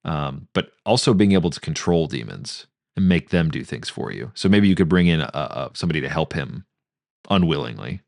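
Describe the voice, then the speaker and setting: A male co-host with a very low voice that swings widely in pitch, talking through story ideas casually. The sound is dry and close. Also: brisk, vocal fry, no echo. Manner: animated, playful, slips into character voices. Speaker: podcast co-host. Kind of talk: casual story brainstorming chat.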